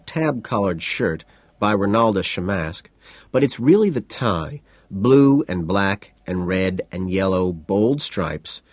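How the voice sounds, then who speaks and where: A man reading a novel aloud as an audiobook, in an even, understated first-person narration. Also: lowish voice, husky, dry recording. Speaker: audiobook reader.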